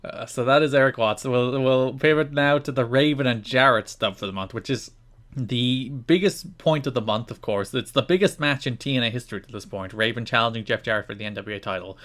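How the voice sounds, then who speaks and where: A man co-hosting a podcast, chatting casually in a wry, quick way with many restarts and laughs. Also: medium pitch, fairly bright tone. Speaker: podcast co-host.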